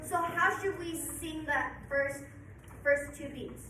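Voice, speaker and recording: Band teacher: high, encouraging woman, heard from across an echoey, noisy classroom. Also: slow pace, over music. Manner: upbeat, encouraging, counts students in. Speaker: middle school band teacher. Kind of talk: leading a band rehearsal. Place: school band room. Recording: echoey room from far off, noisy.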